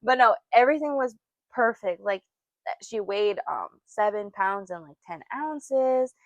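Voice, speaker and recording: A woman's voice: mid-range voice, lively intonation, measured pace, no room sound. A young woman co-hosting a casual podcast chat, telling a personal story with frequent laughter and quoted voices. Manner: chatty, laughs often, acts out quotes. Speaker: podcast co-host.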